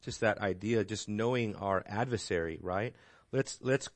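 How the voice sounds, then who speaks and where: A man's voice: fairly low pitch, moderate pace, no echo. A man teaching a casual Bible class, talking conversationally and checking in with "right?" as he goes. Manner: conversational, tags points with "right?".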